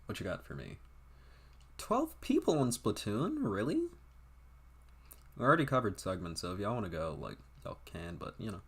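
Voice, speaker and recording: A young man rambles through a casual game livestream, tossing out offhand remarks and frequent swearing. His voice sits very low and deep. He talks loosely to his viewers, often trailing off mid-thought. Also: sing-song, fast talker, creaky, hardly any pauses, a bit bright, breathy edge. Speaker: game streamer.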